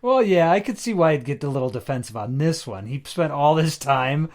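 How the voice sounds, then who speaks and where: A man's voice: fairly high pitch, lively intonation, a little fast. Laid-back man chiming in on a podcast. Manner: agreeable listener, short backchannel replies. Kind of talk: casual chat.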